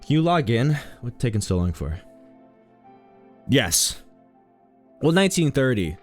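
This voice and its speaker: A man's voice: medium pitch, big pitch swings, measured pace, soft background music. A man streaming a game, chatting casually in a rambling, joking, self-mocking way. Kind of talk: casual live-stream commentary.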